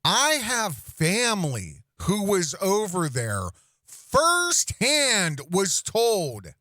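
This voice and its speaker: A man hosting a podcast, commenting on a clip in an exasperated, drawn-out way. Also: high voice, fairly bright tone, dry recording, clean studio sound. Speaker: podcast host.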